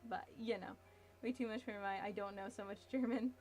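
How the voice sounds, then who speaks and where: A woman's voice: medium pitch, steady tone, a little fast, a little mellow, faint music behind. A woman in her thirties chatting casually on a livestream while building a model kit, reading chat messages and laughing often. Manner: chatty, giggly, reads chat aloud.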